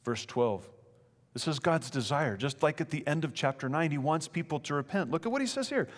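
A man's voice: on the high side, sing-song, moderate pace. A man preaching in a church sanctuary, reading scripture aloud and then expounding on it. His delivery is earnest and emphatic, often doubling back on phrases for weight. A long reverb from the big room trails behind each line. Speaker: pastor.

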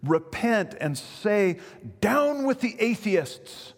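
A man's voice: high-pitched, very animated, slow pace, pitched above the performer's own voice, exaggerated voice. An insistent Roman official played by a man urges and presses, his voice lifted well above the speaker's own. It rings out with a long hall reverb behind it. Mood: urging. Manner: urging, insistent. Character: stern Roman male official pressing a prisoner.

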